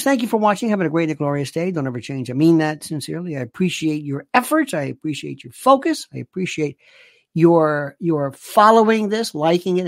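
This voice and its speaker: A man talks straight to his audience with a gravelly, fry-edged voice, leaning on repeated words for emphasis. The recording is dry and close, with no room sound at all. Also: fairly high pitch, dry recording. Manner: chatty, emphatic, repeats himself for stress. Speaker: online commentator. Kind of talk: casual commentary to camera.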